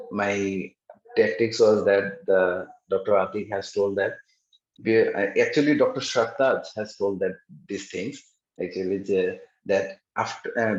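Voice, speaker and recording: A man describing his exam experience in a casual interview over a video call, halting, with many pauses and fillers. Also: lowish voice, a little mellow. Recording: roomy, dull call audio.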